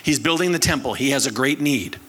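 Bright-voiced man preaching a sermon. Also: mid-range voice, a little fast, slightly rough. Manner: animated storyteller, acts out quoted people; calls on the congregation to answer. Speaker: pastor.

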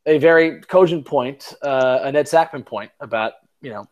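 A man's voice: medium pitch, moderate pace. A young man co-hosting a casual sports podcast, rambling and profane, with lots of fillers and restarts. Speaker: podcast co-host.

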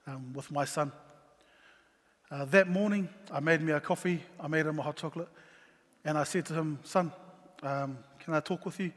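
A middle-aged man shares a story from his own life as a father. He talks earnestly and haltingly, restarting his sentences often. His voice sits a little high, and a long hall reverb trails after his words. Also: fairly bright tone. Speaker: father sharing a personal story. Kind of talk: personal testimony talk.

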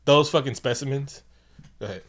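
Animated, profane man recapping a movie. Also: mid-range voice, brisk. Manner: animated, profane, acts out quotes in bursts. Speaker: podcast co-host. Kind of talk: casual movie recap chat.

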